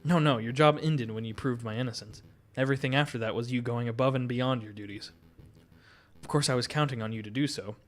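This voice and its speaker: Man doing a fox private investigator, male, suave, courteous, measured, mid-pitched, faint music behind. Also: lightly acted. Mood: gracious.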